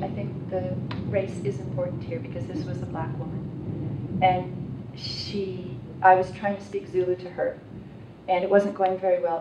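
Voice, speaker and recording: Animated woman telling a story, echoey room. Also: mid-range voice. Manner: animated, self-mocking, breaks into laughter. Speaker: workshop participant. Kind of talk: personal storytelling. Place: conference workshop room. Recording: roomy, distant, noisy room mic.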